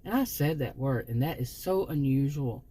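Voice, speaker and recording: Woman, mellow husky voice, casual rambling storytelling, restarts often. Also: very deep voice, expressive, moderate pace. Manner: chatty, rambling, with frequent restarts. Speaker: channel host, former sociology teacher.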